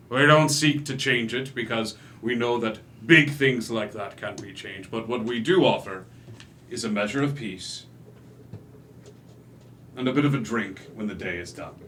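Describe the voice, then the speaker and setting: A man voicing a broad-shouldered hunter guild leader who speaks in slow, grandiose lines in a tabletop game. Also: mid-range voice, sharp tone, a little hiss or hum, lightly acted. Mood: solemn. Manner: measured, grandiose speech.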